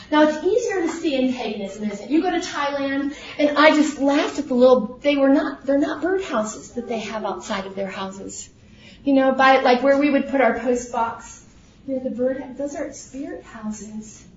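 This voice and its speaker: Earnest high-voiced woman preaching. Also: highs cut off, a little hiss or hum. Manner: earnest, conversational, with rhetorical questions. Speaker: speaker at a church gathering. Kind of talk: prayer and Bible teaching talk.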